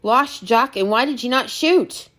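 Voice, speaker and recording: A gruff older Scotsman fires off blunt, scoffing questions, as a woman reading aloud plays him. He sits higher and louder than the reader's own voice, with a slow, drawn-out delivery. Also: expressive. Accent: Scottish.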